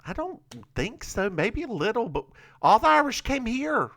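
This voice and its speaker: A podcast co-host from the United States, recapping an episode in a campy, theatrical way and laughing often. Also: male voice, very high-pitched, very animated, moderate pace, fairly bright tone. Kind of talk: casual comedic recap chat.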